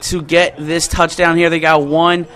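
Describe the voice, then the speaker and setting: A young man giving excited, slangy commentary over his own football video game, often shouting and laughing at big plays. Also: on the high side, unhurried. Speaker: gaming YouTuber. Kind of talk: excited live gameplay commentary.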